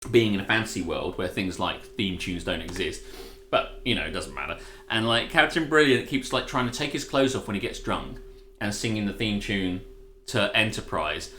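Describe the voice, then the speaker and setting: A man rants animatedly to his co-host, swearing freely as he tells the story. His voice is bright and forceful. It rings in a roomy space with a faint hum behind it. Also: on the low side, animated, normal speed. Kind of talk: casual ranting chat on a live stream.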